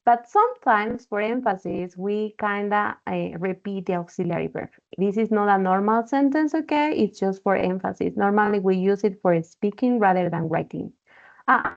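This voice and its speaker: A woman's voice: medium pitch, normal speed, creaky. A woman teaching an online English class, explaining patiently and checking in often with "okay?". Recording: dull lo-fi call audio.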